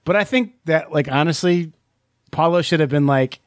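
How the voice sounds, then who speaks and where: A man co-hosts a casual board game podcast, rambling along with lots of fillers and restarts. His voice is on the high side at a moderate pace, with studio-quality sound and no room echo.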